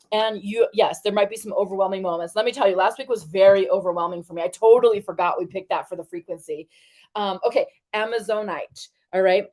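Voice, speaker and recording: Chatty woman giving a spiritual card reading. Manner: chatty and encouraging, addresses viewers as you guys; animated, pitch jumps when retelling stories. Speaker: tarot reader.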